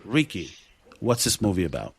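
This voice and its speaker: Lively laughing man hosting a podcast. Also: low-pitched, normal speed, gravelly, husky. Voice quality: animated, laughs often, swears freely. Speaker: podcast host. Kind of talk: casual chat.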